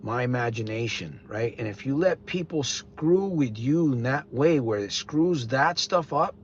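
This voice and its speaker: Hosting his live podcast, a Connecticut-accented man talks a bit slowly in a mid-range voice with lively intonation. He's casual and blunt, rambling and restarting often. The recording is muffled and lo-fi, carrying faint noise.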